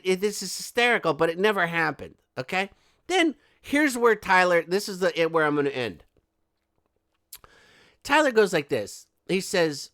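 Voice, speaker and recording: In studio-quality audio with no echo, a male commentary channel host with a fairly bright, somewhat high voice rants through a commentary video. He reads quotes aloud and breaks in with sarcastic, mocking asides.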